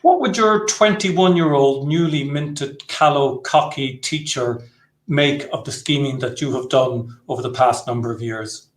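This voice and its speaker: A man's voice: medium pitch, measured pace. A man with a courteous, appreciative manner, putting formal interview questions to a guest. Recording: echoey room.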